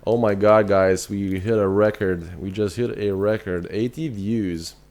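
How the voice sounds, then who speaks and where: A man's voice: fairly low pitch, fairly even intonation, measured pace, a little mellow. A man with an Irish accent chatting casually on a game live stream, answering viewers and thinking aloud with fillers. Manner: reads chat messages aloud and answers viewers.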